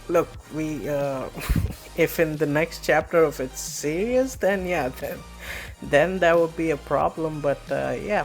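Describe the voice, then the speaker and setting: A man casually reviewing a manga chapter, rambling with lots of fillers and frequent chuckles. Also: on the high side. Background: faint background music.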